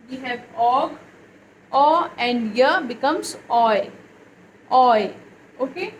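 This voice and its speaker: A woman teacher leading a phonics lesson for young children, reading words aloud slowly in a sing-song way. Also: sits high, slight background noise, poor audio. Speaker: English teacher.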